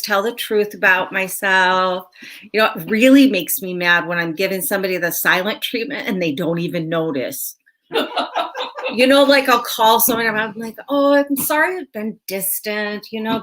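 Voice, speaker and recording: A woman leads a relaxed tarot reading, talking slowly and easily at a mid-range pitch. Her talk is full of "you know" and small laughs at herself as she explains the cards. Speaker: tarot reader and host. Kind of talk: casual spoken tarot reading.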